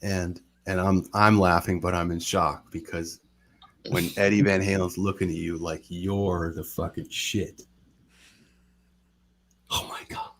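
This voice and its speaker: Gravelly low-voiced man telling a story. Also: measured pace, slight background noise. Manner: rambling, animated retelling with quoted voices. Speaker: guest storyteller. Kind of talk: casual storytelling on a live show.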